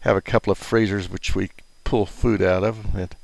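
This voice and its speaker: A man's voice: on the low side, little pitch movement, moderate pace, vocal fry, darkish tone, dry recording. An older man telling a story and giving casual advice in a rambling, folksy way, chuckling at his own asides.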